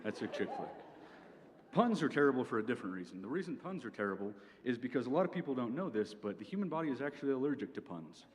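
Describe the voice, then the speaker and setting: Performing stand-up at a university venue, a young man talks fast in a sing-song, medium-pitched voice, yet keeps a dry, lecture-like delivery sprinkled with "okay?" asides. The recording has long hall reverb and faint ambience.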